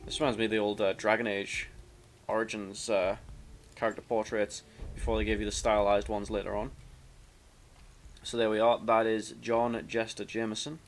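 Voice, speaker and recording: A man's voice: fairly low pitch, little pitch movement, moderate pace, slight background noise. A man casually commenting while playing a video game, reading its story text aloud in a rambling, self-mocking way with many restarts. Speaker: let's play commentator.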